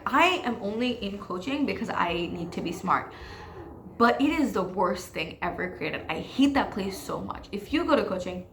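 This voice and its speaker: A woman's voice: on the low side, a little hiss or hum. Ranting teenage girl in an echoey room. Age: teens. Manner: frank, swears freely, ranting and self-deprecating. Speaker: podcast host. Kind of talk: casual confessional rant.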